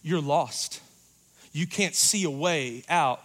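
A man preaching a sermon in a church, talking casually and joking, going loud and then quiet for emphasis. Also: on the high side, slow pace. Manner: conversational, joking, rises and drops in volume for emphasis.

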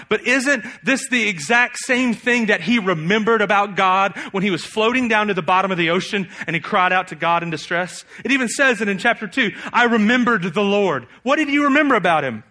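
An animated young man preaching a sermon with a bright, ringing voice pitched a little high. He often bursts into a loud, raised voice to act out a figure's angry words. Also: a little fast, few pauses.

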